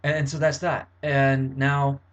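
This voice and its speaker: A man's voice: medium pitch, flat delivery, slow, dull audio. A young man talking to camera from his bedroom in a casual, verbose monologue, full of fillers and restarts as he explains something. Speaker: vlogger. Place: bedroom at home.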